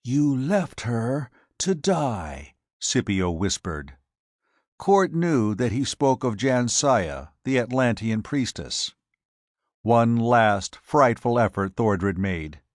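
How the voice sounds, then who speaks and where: A man narrating a science fiction audiobook in a measured, dramatic storytelling manner. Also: mid-range voice, no echo, clean studio sound.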